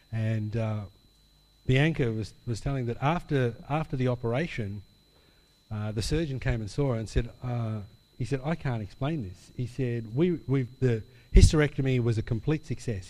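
A man preaching a sermon, telling an animated story and acting out the dialogue. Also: medium pitch. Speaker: pastor. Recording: long hall reverb.

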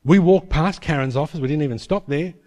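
A school chaplain, telling a personal story in an animated, self-deprecating way. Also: male voice, on the high side, a little fast. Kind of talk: storytelling testimony.

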